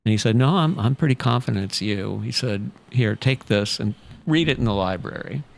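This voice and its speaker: A man telling a long personal story in a relaxed, anecdotal way, full of fillers. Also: medium pitch, normal speed, vocal fry. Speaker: podcast guest, author. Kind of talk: casual storytelling.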